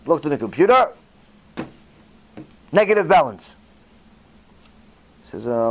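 A man, a religious teacher telling a story in an animated way and acting out the dialogue, with frequent "uh" fillers. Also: a little high, a little slow, pauses often. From Israel. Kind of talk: storytelling Torah talk.

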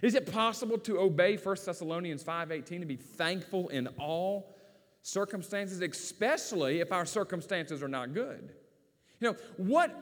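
A man with a rural Virginia accent, preaching a sermon in a folksy, storytelling way. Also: high voice. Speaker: pastor. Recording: long hall reverb.

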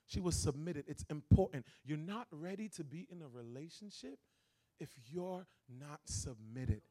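Young man, Haitian background, guest pastor, high voice, emphatic repeated lines, church sermon. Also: lively intonation, measured pace, dark tone. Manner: repetitive, emphatic preaching.

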